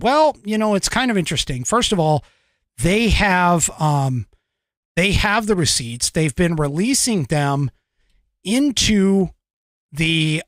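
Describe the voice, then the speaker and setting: A man's voice: high voice, fairly bright tone, no room sound, studio quality. An American man hosting a podcast, giving rambling political commentary with frequent chuckles, fillers and restarts. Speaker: podcast host.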